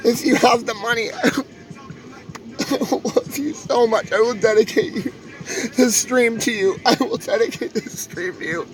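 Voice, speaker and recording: A man's voice: very high voice, lively intonation, a little slow, music in the background, rough recording. A young man streaming live, talking casually in a rambling, earnest way and pleading with his viewers.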